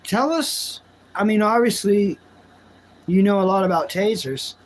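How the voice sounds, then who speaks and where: A man's voice: high voice, moderate pace, slight background noise, rough recording. A man live-streaming, chatting casually with his viewers in a rambling, jokey, self-mocking way.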